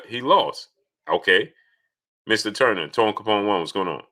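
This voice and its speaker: A man with a low voice hosts a casual live stream, greeting viewers by name in a steady stream. His tone is bright and forceful. When he makes a point, he turns loud and insistent. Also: normal speed, pauses often. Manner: reads out viewer names and greets each one.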